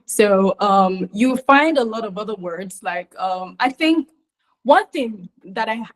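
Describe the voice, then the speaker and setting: A woman from Nigeria, giving an emphatic, animated webinar talk on pronunciation. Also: medium pitch, takes it slowly, rough recording. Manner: emphatic, animated, often acts out mispronunciations.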